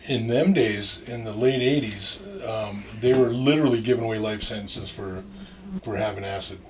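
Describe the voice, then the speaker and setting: Middle-aged man, low voice, rambling storyteller, loose and profane, recorded at a distance. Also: moderate pace. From Minnesota. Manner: rambling, many restarts and fillers, swears freely. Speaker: storyteller guest. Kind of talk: casual anecdote. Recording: distant mic with faint noise.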